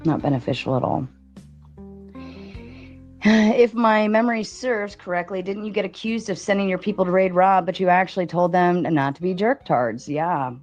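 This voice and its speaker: A woman's voice: on the low side, moderate pace, a little mellow. A woman chatting on a livestream, talking casually and defending herself. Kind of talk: livestream chat. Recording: dull lo-fi audio with faint music.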